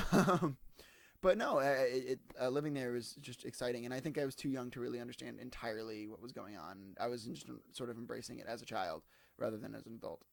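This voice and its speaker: A man's voice: mid-range voice, fast, vocal fry, no room sound. A tired, slightly hungover man in his twenties, rambling casually to camera in a digressive, self-deprecating way. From United States. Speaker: vlogger.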